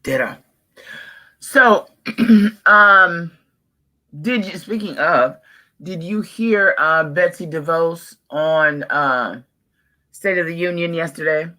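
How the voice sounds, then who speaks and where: A woman's voice: fairly low pitch, slow, pauses often, sharp tone. A woman co-hosting a podcast, giving strong opinions in a casual chat. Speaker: podcast co-host.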